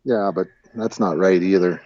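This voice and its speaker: A low-pitched, mellow-voiced man joins a casual chat as a guest on a video call, stumbling and repeating words and chuckling at his own jokes. The audio is dull, muffled, and completely dry, with no echo or room sound.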